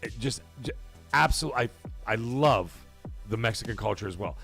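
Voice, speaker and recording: A middle-aged man hosting a livestream in casual chat, animated and swearing, loudly thanking donors. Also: fairly low pitch, moderate pace, gravelly, soft background music. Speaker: livestream host.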